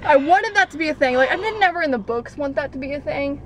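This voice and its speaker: A young woman chatting excitedly about a film in a parked car. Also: high-pitched, fast talker, a crowd in the background, low-quality recording. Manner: gushing, bursts into loud acted quotes. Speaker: vlogger. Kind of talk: excited casual chat.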